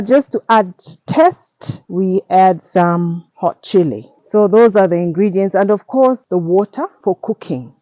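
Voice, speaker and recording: A Zambian woman walks through a home cooking demonstration, chatty and relaxed, with many fillers along the way. The recording is dry and slightly dull, like a home setup with a basic mic. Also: mid-range voice, no room sound. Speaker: cooking show host.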